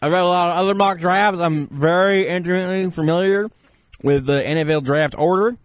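In a comedic radio bit, a male host plays a pompous, boastful guest claiming to be a draft expert, talking in rambling, self-important bursts into a studio mic. His voice is high-pitched and fairly quick, pushed up but close to everyday, with no room sound.

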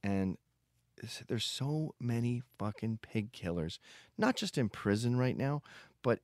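A man's voice: medium pitch, animated, a little slow, darkish tone, no echo, studio quality. A man hosting a podcast, talking in a blunt, profane, digressive casual monologue. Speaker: podcast host.

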